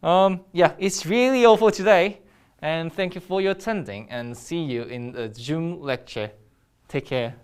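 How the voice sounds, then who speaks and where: A young adult teacher speaks English in a recorded grammar lesson. The delivery is halting and full of pauses. The teacher keeps putting quiz questions to the viewer at an everyday, middle pitch. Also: clean tone. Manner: hesitant, many pauses, quizzing the viewer. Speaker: Korean language teacher.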